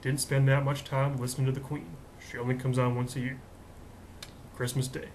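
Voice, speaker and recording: A young man in his twenties hosts a comedic monologue, rambling and poking fun at himself. His voice sits in a middle pitch. A faint low rumble hangs in the background. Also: flat delivery, moderate pace, a little mellow, poor audio. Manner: rambling, jokey and self-mocking. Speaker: host.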